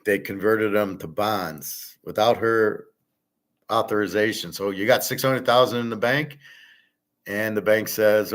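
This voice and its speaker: A man's voice: fairly low pitch, a bit bright. A man hosting a casual commentary show, talking bluntly in a ranting way and swearing freely. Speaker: host.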